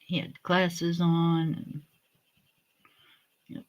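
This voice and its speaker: A woman hosting a livestream, chatting in a relaxed way and reminiscing. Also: on the low side, extremely slow, muffled recording. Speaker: livestream host. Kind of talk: casual chat.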